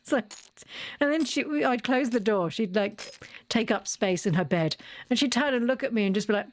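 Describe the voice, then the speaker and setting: A woman's voice: a little high, animated, moderate pace, no room sound. A woman chatting casually while playing a video game, telling rambling stories and giggling often. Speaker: gaming video host. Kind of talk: casual gameplay chat.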